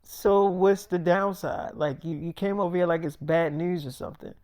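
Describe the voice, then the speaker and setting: A woman's voice: on the low side, normal speed, dark tone, no echo, clean studio sound, lightly acted. A man voicing a young woman, an actress girlfriend, who asks question after question. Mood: curious. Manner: questioning, curious.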